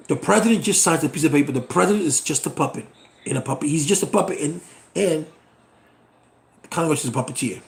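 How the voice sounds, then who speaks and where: A man's voice: high-pitched, darkish tone, reverberant. A middle-aged American man, a channel host, delivering a blunt, exasperated political rant straight to camera and swearing freely. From United States.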